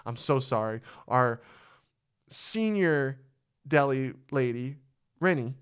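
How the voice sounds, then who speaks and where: A podcast host telling a rambling, profane work story in casual chat. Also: male voice, medium pitch, lively intonation, slow pace, smooth.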